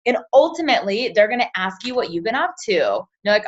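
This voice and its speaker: A woman's voice: medium pitch, big pitch swings, a little fast, hardly any pauses, dull audio. A woman leading a coaching talk for her team, chatty, acting out sample conversations and checking in with "right?". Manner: chatty, acts out sample chats in quoted voices, often asks "right?". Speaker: team leader coaching a sales team.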